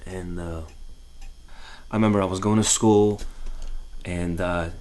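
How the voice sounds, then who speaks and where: A man acting a boxer recalling his childhood in a dramatic monologue, halting and repetitive, with many fillers. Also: low-pitched, steady tone, mellow. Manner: halting, repetitive, full of "you know".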